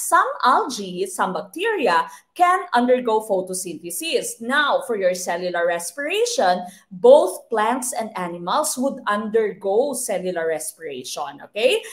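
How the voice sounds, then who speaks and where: Young filipino woman running an online review class, mixes english and tagalog, bright and lively, pitch a bit high. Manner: switches between English and Tagalog, polite with "po", lively and expressive. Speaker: exam review teacher.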